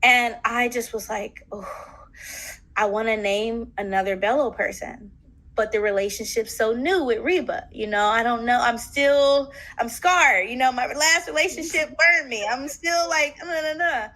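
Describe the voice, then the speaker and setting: High, bright-voiced woman telling a story. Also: unhurried, poor audio. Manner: animated, acts out quotes, many fillers. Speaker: interview guest. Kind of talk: casual storytelling.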